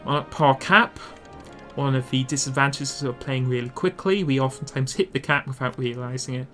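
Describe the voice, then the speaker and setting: A man's voice: mid-range voice, normal speed, bright, forceful tone, faint music behind. Man narrating a strategy game guide. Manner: explanatory, self-correcting, thinking aloud. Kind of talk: instructional gameplay commentary.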